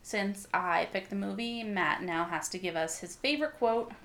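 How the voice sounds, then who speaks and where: A woman co-hosting a podcast in casual chat, chatty and quick with asides. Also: mid-range voice, fairly bright tone, slight background noise. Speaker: podcast co-host.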